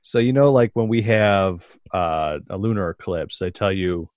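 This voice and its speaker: A man's voice: low voice, unhurried, a little mellow, no echo, highs cut off. A man co-hosting a casual group podcast chat, talking in a chatty way and asking the group questions.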